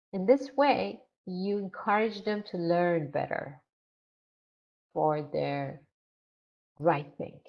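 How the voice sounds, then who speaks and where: A woman leading a grammar teaching workshop for English teachers, repeating her phrases and acting out short teacher and student exchanges. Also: on the low side. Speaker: ESL teacher trainer. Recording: dull lo-fi sound.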